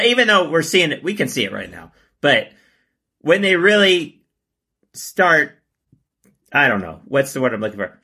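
A man co-hosting a casual podcast, animated and laughing often, with frequent swearing. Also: medium pitch. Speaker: podcast co-host. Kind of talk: casual chat.

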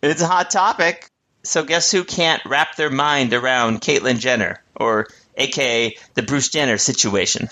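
A man's voice: medium pitch, normal speed, pushed and bright. A man co-hosting a podcast, chatting casually and mockingly, cursing and laughing often. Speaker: podcast co-host. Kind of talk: casual comedic commentary.

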